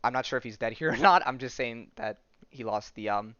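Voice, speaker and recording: A man's voice: medium pitch, fairly quick, a bit bright, clean tone, dry recording, lo-fi sound. A man hosting a podcast, casually recapping a comic story in a rambling way with lots of fillers. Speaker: podcast host.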